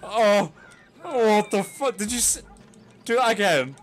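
As he streams a video game, a man comments casually, swearing, exclaiming and laughing at the on-screen action while game music plays behind him. His high voice is expressive and his pace slow.

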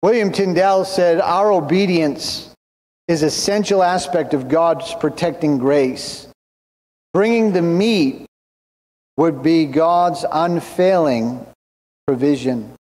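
Slow, deliberate preaching man in a reverberant hall. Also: fairly high pitch, darkish tone. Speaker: pastor. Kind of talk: sermon. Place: church sanctuary. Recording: long reverb in a church hall.

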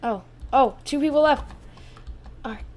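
A woman giving live gameplay commentary as a channel host, excitable and full of exclamations, muttering to herself between bursts. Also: sits high, measured pace.

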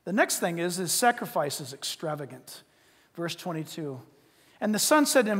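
A male pastor preaches with animated, dramatic storytelling, swinging from booming exclamations to near-whispers. His voice sits high for a man, and a long church reverb hangs behind every phrase. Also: normal speed, husky. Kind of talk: sermon.

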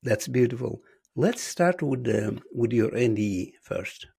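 A male host with a dark, heavily gravelly voice that sounds husky and rough. He greets and questions his guest politely, and he sounds distant, as if heard over a remote line. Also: medium pitch, animated, a little slow. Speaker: podcast host. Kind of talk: interview hosting.

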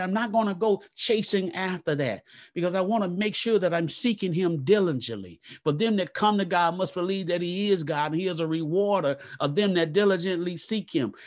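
A man preaching a live church sermon, fervent and repetitive, praying aloud between points and swinging from a low murmur to loud exclaims. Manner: fervent, repeats "come on now" and "glory to God". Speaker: pastor.

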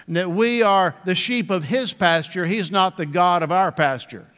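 Male pastor, conversational sermon delivery with slow emphatic repeats, higher register, long hall reverb. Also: a bit bright.

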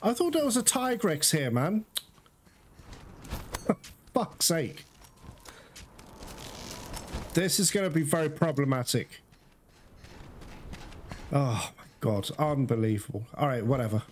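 Exasperated gamer man, lively pitch. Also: unhurried, long pauses, slight background noise. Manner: frustrated, swearing, exasperated. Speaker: gameplay commentator. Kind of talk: casual gameplay commentary. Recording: loud game music behind the voice.

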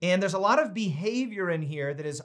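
A man's voice: sits high, expressive, brisk, fairly bright tone. A middle-aged man teaching a Bible study, preaching with emphasis and then chatting playfully as he reads out viewers' comments.

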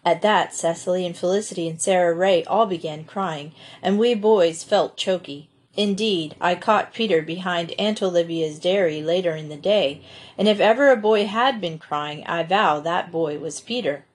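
A woman reading a classic children's novel aloud as an audiobook, gently telling the story and lifting her voice for the children's lines. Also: fairly low pitch, moderate pace, slightly rough. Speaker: audiobook reader. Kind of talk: scripted narration of a classic novel.

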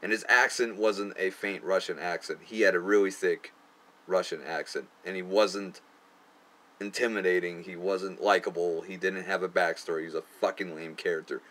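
A man's voice: low voice, fairly even intonation, moderate pace, a bit bright. A young man casually looking back on his amateur film, crude and profane, often laughing at himself. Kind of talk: casual commentary.

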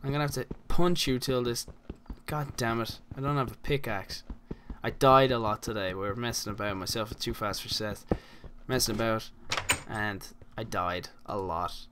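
A man's voice: medium pitch, steady tone, normal speed, noisy background. An Irish man giving casual, rambling commentary while playing a game, full of crude jokes and asides. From Ireland. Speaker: gaming channel host.

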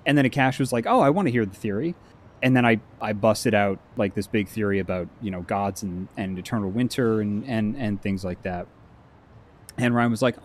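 Animated man telling a story on stream. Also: medium pitch, a little fast. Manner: animated storyteller, acts out friends' lines. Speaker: stream co-host. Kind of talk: casual chat.

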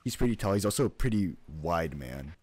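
A man's voice: deep voice, very animated, brisk, a little mellow. A man in his twenties chatting casually while gaming, telling a rambling story and laughing often. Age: 20s. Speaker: streamer.

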